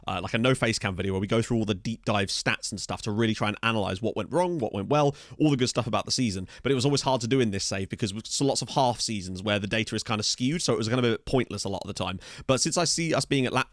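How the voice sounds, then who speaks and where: A man commentating his football management game, joking and getting excited at key moments. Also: medium pitch, dry recording, studio quality. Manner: excitable, jokey, shouts at goals. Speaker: gaming YouTuber. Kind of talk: let's play commentary.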